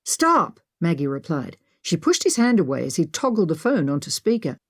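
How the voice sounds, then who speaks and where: A woman narrating an adventure audiobook in a measured storytelling manner. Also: low-pitched, very animated, a little mellow, dry recording, clean studio sound. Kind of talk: scripted narration.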